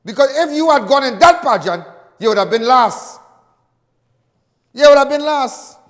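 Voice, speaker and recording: A Trinidadian man hosts a show with a heated political monologue. His voice sits unusually high, and he mocks and repeats phrases to drive each point home. A long reverb trails his words. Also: lively intonation, normal speed. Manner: fiery, mocking, repeats lines for emphasis. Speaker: host.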